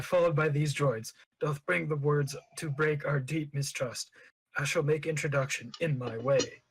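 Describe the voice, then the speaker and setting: A man reading the inner thoughts of a clumsy-seeming alien who is secretly scheming, in slow, measured Shakespearean verse with a husky voice. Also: a little high, a bit bright, rough recording.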